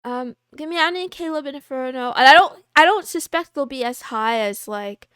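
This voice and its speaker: A woman with a high, bright-pitched voice talks casually on a livestream, reading out viewer names and greeting each one playfully. She throws in wry, self-mocking asides. The sound is close and dry, with no room around it. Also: normal speed, dry recording. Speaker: VTuber livestreamer.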